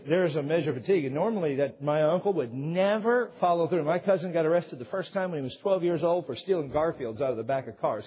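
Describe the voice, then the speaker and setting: A man preaching a sermon to a congregation as a pastor, telling family stories in an animated way. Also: fairly high pitch, slightly rough. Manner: animated storyteller, acts out yelling quotes. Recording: dull sound with long hall reverb.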